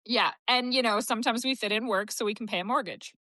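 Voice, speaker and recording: A woman's voice: fairly high pitch, fast, pushed and bright, no room sound. A woman hosting a podcast, chirpy and blunt, laughing often in casual chat. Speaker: podcast host.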